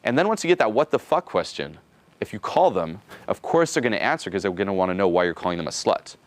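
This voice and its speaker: A man coaching a group at a rapid clip, casual and profane, checking in with "okay?" every few lines. He slips into acted bits of dialogue while he explains. The sound is dry and close, with no room echo. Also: low voice, animated. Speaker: dating coach.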